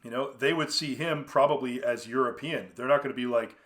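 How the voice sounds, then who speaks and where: A man talks through his own solo commentary podcast at a middling pitch. He rambles conversationally, often stopping to restart his sentences and filling pauses with "uh" and "you know.". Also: a bit bright. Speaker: podcast host.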